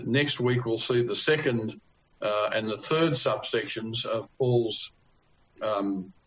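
A man preaching a sermon in a mid-pitched voice. He talks in a halting way, full of fillers and restarts, then leans hard on the key phrases. The recording sounds slightly dull and lo-fi. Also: a bit bright.

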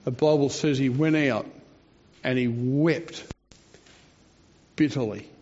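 A man preaching a sermon, telling the story expressively with dramatic slowdowns. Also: medium pitch, a little mellow. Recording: dull lo-fi recording.

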